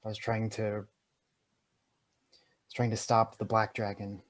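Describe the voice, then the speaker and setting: A man playing his character in a tabletop game, speaking calmly and earnestly. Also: lowish voice. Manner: calm, earnest, measured. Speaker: player. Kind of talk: in-character tabletop role-play.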